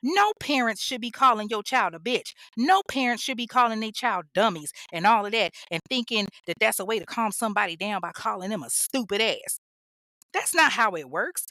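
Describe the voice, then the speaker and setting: A woman's voice: a little high, pushed and bright, no room sound, studio quality. A woman hosting a true crime podcast, ranting bluntly and scolding with heavy profanity. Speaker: podcast host.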